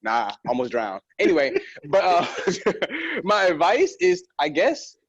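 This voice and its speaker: A man with a fairly high voice tells diving stories in a loose, rambling way, full of restarts and fillers and laughing as he goes. The sound is dry, close to the mic, with a slightly muffled, lo-fi tone. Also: wildly swooping pitch, takes it slowly, breathy edge, dry recording. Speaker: guest diver. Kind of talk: casual podcast chat.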